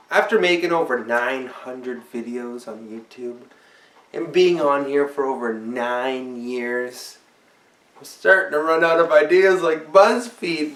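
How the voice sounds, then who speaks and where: A man's voice: fairly high pitch, slow pace, a bit bright. A tired man vlogging in a rambling, profane, jokey way, yawning as he talks. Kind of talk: casual rambling vlog. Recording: roomy, mic far off.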